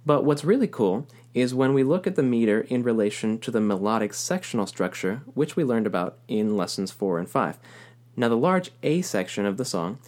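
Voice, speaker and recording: A man's voice: medium pitch, animated, moderate pace, a little mellow. A man teaching a recorded music lesson, explaining rhythm patiently and counting beats aloud.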